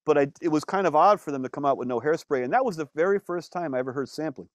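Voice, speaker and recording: A man, a musician guest, telling stories in a casual interview, animated, with lots of fillers and some swearing. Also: fairly high pitch, fast, no echo, clean studio sound.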